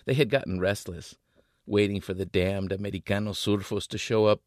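A male author reading his novel aloud in an expressive way, voicing the characters. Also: lowish voice, normal speed, dry recording, studio quality.

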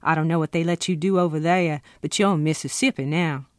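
A woman's voice: low voice, fairly even intonation, fairly quick, dry recording, clean studio sound, lightly acted. A woman voicing an older hostile Southern man who talks in a sneering drawl.

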